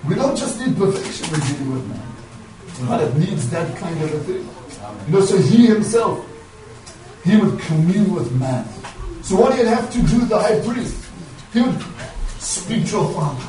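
A man's voice: high-pitched, very animated, moderate pace, mellow. A man preaching a sermon, emphatic and repetitive, telling a story, in an echoey church heard from far off.

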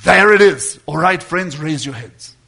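A man preaching a sermon, fervent and building to loud exhortation. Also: fairly high pitch, lively intonation, measured pace, gravelly, slightly rough.

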